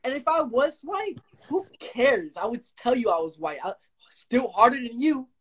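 A man's voice: very high voice, sing-song, moderate pace, fairly bright tone, slightly rough. A young man hosting a casual phone livestream, bragging and trading insults with a caller in a brash, taunting way. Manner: brash, trash-talking, repetitive taunts. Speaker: livestream host.

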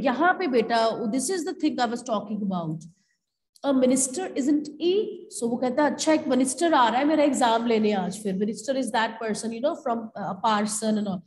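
A woman's voice: a little high, a little mellow, rough recording. Indian woman teacher reading a story aloud. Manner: switches between reading aloud and explaining, calls students "beta". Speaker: school teacher. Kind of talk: reading and explaining a story in class.

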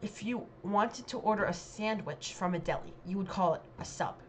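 A woman's voice: mid-range voice, lively intonation, moderate pace, slight background noise. A woman vlogger giving casual commentary on a dialect quiz, chatty and hesitant, with many ums and self-corrections.

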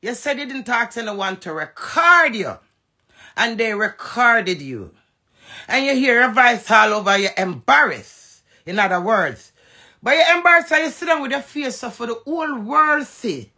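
A Jamaican woman talks into her phone in a heated, profane rant that jumps quickly from point to point. Her voice sits high and gravelly, with a sharp, bright edge. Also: big pitch swings. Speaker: live-stream host. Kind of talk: ranting live stream.

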